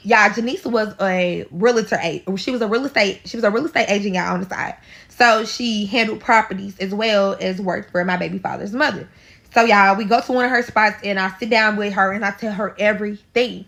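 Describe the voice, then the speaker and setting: A woman from St. Louis, USA, with a St. Louis accent dramatically tells a personal story in a casual storytime, calling her listeners y'all and swearing freely. Her voice is medium-pitched, brisk and a bit bright.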